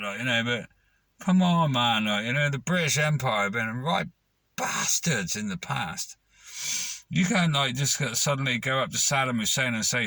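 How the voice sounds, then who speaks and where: A man's voice: medium pitch, moderate pace, sharp tone, dry recording. A man ranting to camera, rambling and swearing with lots of fillers. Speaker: vlogger.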